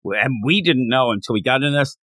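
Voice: medium pitch, no echo. A podcast co-host chatting casually about a manga, acting out lines from the story in bursts. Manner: animated, acts out dialogue in quick bursts. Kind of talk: casual manga review chat.

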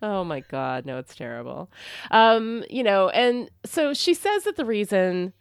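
A woman's voice: medium pitch, very animated, a little slow, creaky, clear, resonant tone, no room sound. Woman, podcast co-host, casual chat, frank, laughs a lot, dry recording. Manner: frank, chatty, laughs often.

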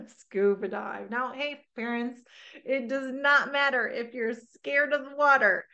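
Middle-aged woman workshop presenter, slightly high voice, chatty and engaging. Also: slow pace, muffled recording. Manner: lively, conversational, checks in with listeners.

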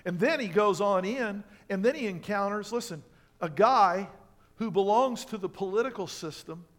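A man preaching a sermon as pastor. He talks animatedly, asks the congregation rhetorical questions, and swings between loud emphasis and quiet asides. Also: high-pitched. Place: church sanctuary.

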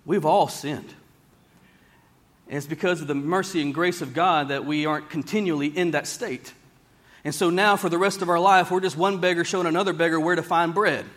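A man preaching a sermon in a church, plain-spoken and folksy, slowing down whenever he reads scripture aloud. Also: a little high, steady tone, a bit bright.

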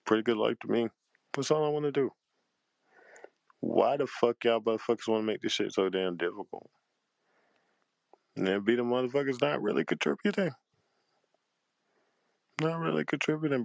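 On a dry recording, a man with a medium-pitched voice and vocal fry rants angrily on a livestream as a panel host. He swears, sounds heated and fed up, and drags his words out wearily.

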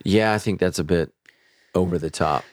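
Middle-aged male pastor, deep voice, casual podcast chat, stumbling restarts. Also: moderate pace, no room sound, studio quality. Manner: conversational, many restarts and stammers.

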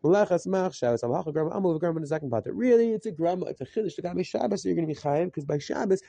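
A man giving a rapid Talmud lesson, reading through Aramaic text in a quick chant and translating it as he goes. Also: a little high, lively intonation, vocal fry, mellow, dry recording. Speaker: Talmud teacher. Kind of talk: rapid daf yomi lesson.

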